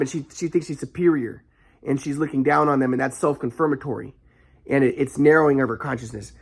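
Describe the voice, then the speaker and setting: Gravelly man rambling in a monologue. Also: medium pitch, steady tone. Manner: rambling, halting, frequent restarts; flares into anger. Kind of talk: casual monologue vlog.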